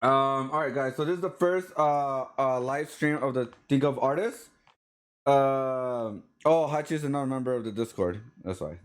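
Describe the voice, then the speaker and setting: A man's voice: mid-range voice, moderate pace. A man hosting a live-streamed artist podcast, talking loosely with lots of fillers and restarts. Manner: loose and rambling, many fillers. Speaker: podcast host. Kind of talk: live-streamed casual interview.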